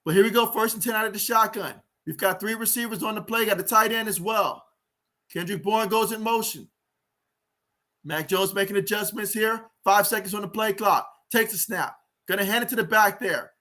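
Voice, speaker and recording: A man hosting a live sports watch-along, giving play-by-play, reacting loudly to plays and reading viewer comments aloud. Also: sits high, normal speed. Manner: excitable fan, shouts and groans at plays. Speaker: livestream sports host.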